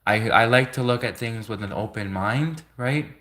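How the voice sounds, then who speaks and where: A man's voice: mid-range voice, normal speed, a bit bright. Rambling, chuckling man on a live stream. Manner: rambling, chuckles between remarks, repeats himself. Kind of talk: casual live stream monologue.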